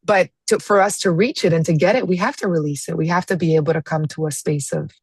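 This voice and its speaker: Earnest woman facilitator, slightly low, husky voice, dry close sound, reflective group talk. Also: steady tone, fast talker, a little mellow, no room sound. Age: adult parent. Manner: earnest, reflective, restarts phrases. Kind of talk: casual group discussion.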